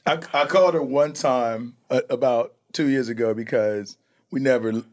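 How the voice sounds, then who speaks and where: This is a man from Chicago, a comedian guest on a podcast, telling personal stories in a casual, profane style. He has an ordinary middle-pitched voice. He slips into the voices of the people he quotes. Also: normal speed. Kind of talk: casual storytelling chat.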